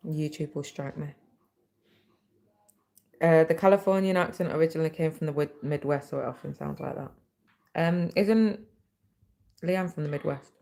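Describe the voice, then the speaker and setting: A woman's voice: sits low, moderate pace, gravelly, long pauses, mellow. A tired woman hosting a live stream, chatting casually and rambling while she stitches, her voice turning scratchy. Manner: chatty, rambling, many fillers. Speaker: livestream host.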